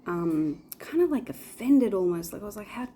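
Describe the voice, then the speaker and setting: Chatty woman in her forties, mellow voice. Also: medium pitch, sing-song, normal speed, slight background noise. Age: 40s. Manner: chatty and rambling, many fillers. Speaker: vlogger. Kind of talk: casual chat.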